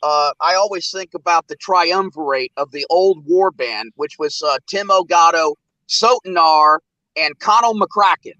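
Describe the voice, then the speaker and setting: A man's voice: a little high, a little slow, bright, forceful tone, no echo, dull audio. A man, chatting casually as a host and rambling with plenty of fillers. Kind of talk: casual chat.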